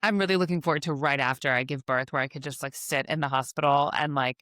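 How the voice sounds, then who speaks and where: A young woman hosting a podcast in casual chat, a bit out of breath, chatty and animated, laughing often. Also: sits low, fast, no room sound. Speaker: podcast host.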